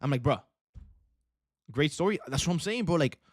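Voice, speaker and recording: A man's voice: fairly high pitch, animated, moderate pace, no room sound, clean studio sound. A young man hosting a livestream, telling a rambling casual story and saying bro a lot. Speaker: livestream host, day trader.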